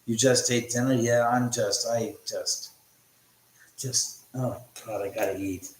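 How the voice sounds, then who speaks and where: A middle-aged man livestreams casually from his house, reading viewers' comments, joking with them, and cursing freely. His medium-pitched voice is fairly even in intonation and measured in pace, recorded on a phone in an echoey room.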